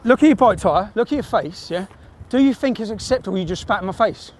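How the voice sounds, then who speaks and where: A man filming himself in a car park and shouting swear-laden accusations in a heated confrontation. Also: high-pitched, lively intonation, fast, slight background noise. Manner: aggressive, swearing, repetitive accusations. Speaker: filmmaker confronting people on camera.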